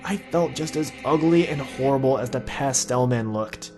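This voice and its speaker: A man reading a horror story aloud in a measured, somber tone. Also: medium pitch, darkish tone, soft background music. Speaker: narrator. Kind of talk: scripted horror story narration.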